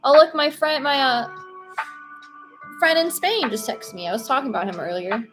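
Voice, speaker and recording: A woman's voice: sits high, normal speed, fairly bright tone, faint music behind. A young woman streamer chatting casually and playfully with her viewers while she paints pumpkins. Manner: chatty and playful, reacting to chat.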